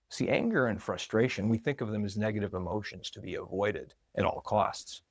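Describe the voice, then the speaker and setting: A man's voice: lowish voice, a little fast, hardly any pauses, dry recording, clean studio sound. A man, probably middle-aged, telling a personal story in a conversational, reflective way. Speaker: marketing coordinator.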